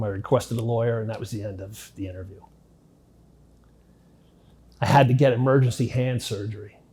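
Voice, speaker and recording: A middle-aged man gives an interview about his own past. He talks plainly and bluntly, with casual swearing, and his voice sinks nearly to a murmur when the memories turn grim. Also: mid-range voice. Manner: candid, drops to near-quiet at grim moments, swears casually. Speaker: interview guest. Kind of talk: telling his life story in an interview.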